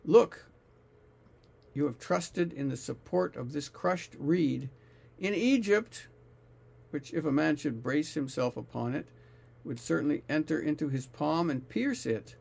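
A man reading aloud the taunting speech of a boastful male royal envoy, declaiming loudly and slowly. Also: on the high side, gravelly, husky, exaggerated voice.

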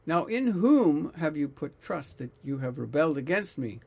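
A man's voice: fairly high pitch, sing-song, normal speed, gravelly, darkish tone, husky, heavily acted. A man reading as a boastful taunting envoy.

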